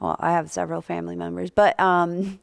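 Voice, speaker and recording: Chatty woman host with a gravelly edge. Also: on the low side, level tone, brisk, no echo, studio quality. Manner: chatty, laughs often, many fillers. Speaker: podcast host and comedian. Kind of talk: casual interview chat.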